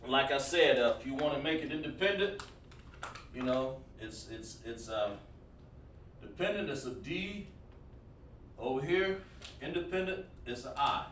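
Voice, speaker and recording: A man's voice: medium pitch, animated, unhurried, pauses often, fairly bright tone, slight background noise. A man teaching an online lesson, coaxing students with repeated questions. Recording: echoey room, far from mic.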